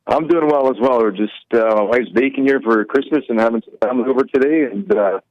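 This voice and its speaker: A man's voice: medium pitch, quick pace, dry recording. A man with a Canadian accent calling into a show, friendly and stammering over his words, on a choppy phone line. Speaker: caller. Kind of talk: phone-in chat.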